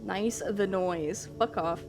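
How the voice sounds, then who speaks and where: A woman's voice: medium pitch, slow pace, a little mellow, soft background music. A woman streamer chatting casually with her live audience, rambling along with lots of fillers and the odd swear.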